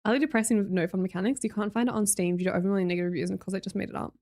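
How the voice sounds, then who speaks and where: A woman's voice: medium pitch, fairly even intonation, very fast, a little mellow. A young Australian woman streaming live, chatting casually with her viewers and reading out their messages, bubbly and laughing often.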